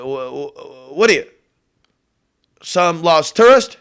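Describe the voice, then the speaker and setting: Host: brash, profane man, high and very lively voice, rambling solo show. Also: slow, smooth. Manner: brash, profane, jumps between topics. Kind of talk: rambling casual monologue.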